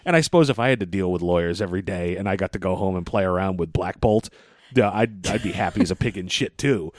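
Low-voiced rambling man in a dry room. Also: quick pace, no room sound. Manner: rambling, wry, swears casually. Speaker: podcast co-host. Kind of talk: casual chat. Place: living room, mobile recording rig.

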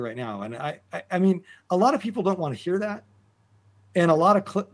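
Reflective man in a casual chat. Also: a little high. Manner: reflective, animated when quoting others.

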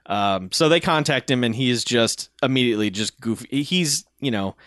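A man in easy conversation, walking through a movie's plot with his co-host. He laughs often and slips into silly voices for the characters. His voice is mid-pitched and dry, close to the mic. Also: expressive, normal speed, a bit bright, no room sound. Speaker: podcast co-host. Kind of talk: casual movie recap chat.

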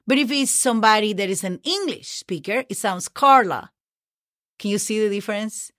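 Woman, friendly language teacher, dry close sound, medium pitch. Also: fairly quick, a bit bright, no room sound. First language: Spanish. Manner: chatty, checks in with "okay?" often. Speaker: Spanish teacher. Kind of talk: podcast language lesson.

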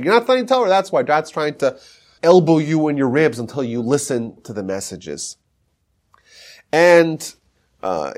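A man's voice: mid-range voice, a little mellow. A man giving a podcast lecture on Talmud history, teaching emphatically and mixing in Hebrew terms.

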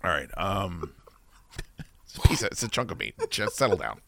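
A man co-hosting a podcast, telling stories in casual chat, profane and animated. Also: deep voice, normal speed, vocal fry, no echo. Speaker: podcast co-host.

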